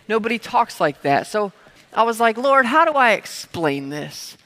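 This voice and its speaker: Pastor, male, high and bright: casual, joking sermon delivery in a big echoing church. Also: big pitch swings, measured pace. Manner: conversational, asks the crowd to repeat words; playful asides and everyday examples. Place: church hall. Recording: long reverb of a large hall.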